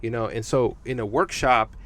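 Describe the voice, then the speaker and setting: A man's voice: medium pitch, moderate pace, fairly bright tone, slight background noise. A man hosting a podcast, telling stories and encouraging his guest. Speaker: podcast host. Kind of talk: podcast interview.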